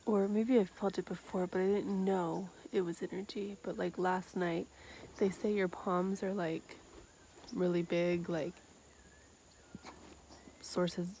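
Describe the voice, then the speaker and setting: A young woman talking casually to her camera in a video diary, often dropping to a whisper and saying "like" a lot. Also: on the low side. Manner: soft-spoken, often whispering, many "like" fillers. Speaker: vlogger. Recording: clear outdoor insect noise.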